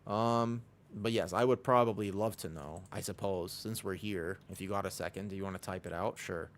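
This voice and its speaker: A man's voice: sits low, fairly even intonation, normal speed. A man streaming a game, chatting casually with viewers in a rambling way. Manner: rambling, lots of "like" fillers. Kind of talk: casual livestream chat.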